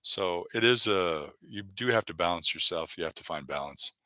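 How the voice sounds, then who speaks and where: A man's voice: low-pitched, expressive, moderate pace, sharp tone, no echo. A man hosting a casual livestream, rambling and encouraging as he reads out viewers' chat. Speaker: YouTube livestreamer.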